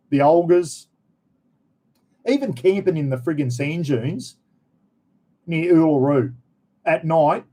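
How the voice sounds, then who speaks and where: A man's voice: fairly high pitch, mellow, low-quality recording. A middle-aged Australian man, a former cop and prison officer, chatting bluntly on a livestream while he answers questions from viewers. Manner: blunt and salty, swears freely. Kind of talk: casual livestream chat.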